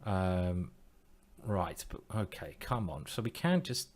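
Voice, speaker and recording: A man's voice: deep voice, animated, slow pace, a little mellow. A man streaming online chess, thinking aloud in a playful, self-mocking way and teasing his opponent.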